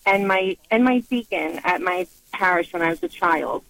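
A woman with a rather low voice calls in to a radio show over a phone line. She speaks hesitantly and fills her sentences with ums and uhs. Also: normal speed, gravelly, a bit bright. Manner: hesitant, many fillers. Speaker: caller.

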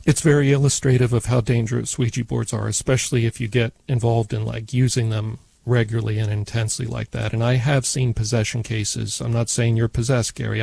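Man, host, gravelly, dry close sound, calm explainer. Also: medium pitch, no room sound, rough recording. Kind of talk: radio call-in talk.

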